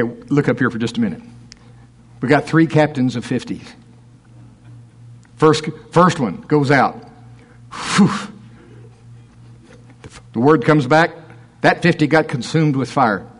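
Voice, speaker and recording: A man preaching a sermon, reading scripture aloud and breaking off into chuckling asides. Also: fairly high pitch.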